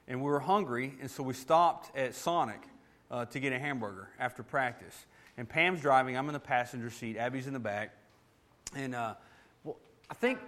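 A middle-aged pastor, telling a funny family story in a folksy, animated sermon and laughing as he goes. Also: on the high side.

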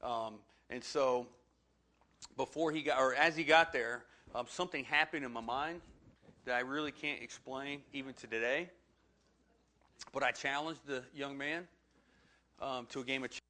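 A man's voice: medium pitch, normal speed, pauses often, sharp tone. A man, preaching a sermon and telling a funny personal story with self-deprecating humor. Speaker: pastor.

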